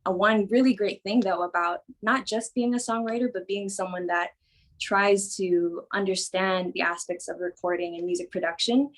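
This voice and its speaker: A woman songwriter on a festival panel, talking earnestly and thinking aloud in casual conversation. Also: mid-range voice.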